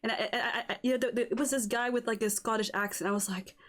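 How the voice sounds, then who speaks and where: A woman with a French accent hosts a relaxed conversation in English, her second language. Her voice sits a little high, and she keeps stopping and restarting with fillers as she searches for words. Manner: halting, many fillers and restarts. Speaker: host. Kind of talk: casual chat.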